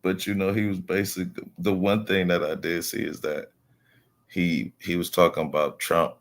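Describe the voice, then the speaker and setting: Brief: male co-host, Midwest accent, relaxed, gravelly low voice. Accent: Northern Midwest American. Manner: laid-back, slow, defensive when teased. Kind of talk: casual news chat.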